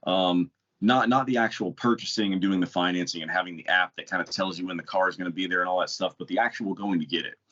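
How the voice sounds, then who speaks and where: A man's voice: low-pitched, steady tone, fast, pushed and bright. A man, co-hosting a casual podcast. He tells stories bluntly and keeps restarting his sentences. The audio sounds dull and lo-fi. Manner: storytelling, blunt, rambling with restarts. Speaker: podcast co-host. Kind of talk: casual chat.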